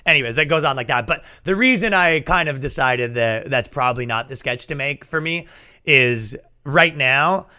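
Bright-voiced man ranting crudely. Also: mid-range voice, normal speed. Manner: profane, animated, riffing. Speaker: podcast host. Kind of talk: casual comedic rant.

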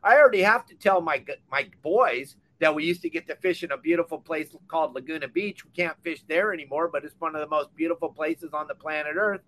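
Fired-up older man, bright and high. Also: fairly quick, few pauses. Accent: Southern Californian. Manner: fired-up, blunt, scolding. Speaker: fishing podcast host. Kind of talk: impassioned rant. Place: on a boat or dock.

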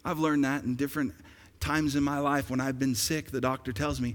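A man's voice: mid-range voice, little pitch movement, fairly quick. A man preaching a sermon as pastor, putting questions to his congregation and building to emphatic peaks. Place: church sanctuary. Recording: long reverb of a large hall.

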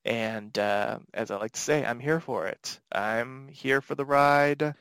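A man's voice: mid-range voice, slow pace, a bit bright, smooth, no echo. A man hosting a casual podcast chat, talking in an upbeat, playful way. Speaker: podcast host.

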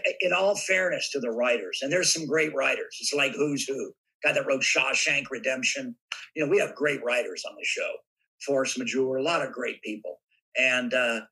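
A man telling animated stories in a casual interview, acting out bits of dialogue as he goes. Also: medium pitch, breathy edge, rough recording. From United States. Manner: animated raconteur, acts out voices in anecdotes. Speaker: guest actor. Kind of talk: casual interview chat, storytelling.

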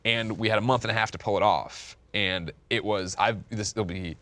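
A man's voice: lowish voice, normal speed, bright, forceful tone, dry recording. A man in his thirties talking candidly and rambling in a casual podcast conversation, full of restarts. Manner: rambling, candid, self-deprecating with many restarts. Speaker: podcast guest.

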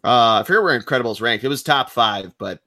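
A young man co-hosts a sports podcast in a relaxed, rambling way and swears now and then. His voice sits in an ordinary middle pitch. The recording is close and dry, with no room sound. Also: fast talker, no room sound. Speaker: podcast co-host. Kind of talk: casual sports podcast chat.

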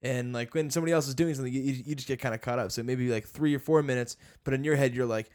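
A man's voice: mid-range voice, fast talker, hardly any pauses, darkish tone. A man co-hosting a podcast, laid-back and crude, explaining his point with lots of fillers. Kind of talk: casual podcast chat.

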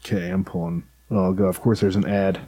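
A man co-hosting a casual chat, relaxed and rambling, swearing casually. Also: sits low, a little fast, slightly rough.

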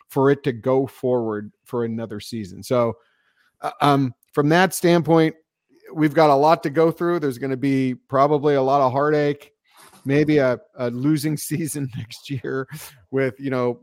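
A man co-hosts a casual sports podcast, talking in a relaxed, reflective way. His voice sits at an average pitch and is recorded dry and close. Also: dry recording. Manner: relaxed and reflective, chuckling often. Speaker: podcast co-host.

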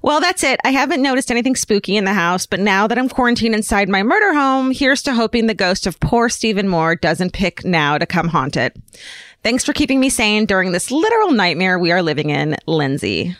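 Animated woman reading a story aloud. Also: mid-range voice, brisk, no echo. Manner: animated storytelling, lively delivery. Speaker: podcast co-host. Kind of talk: casual chat and reading a listener letter.

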